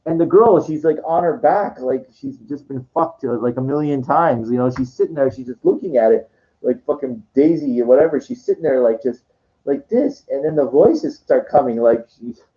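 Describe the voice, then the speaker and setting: A man's voice: medium pitch, normal speed, dark tone. A man rambling in a casual monologue, swearing, stammering and restarting his sentences, on a dull lo-fi recording. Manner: profane, stammering, full of restarts.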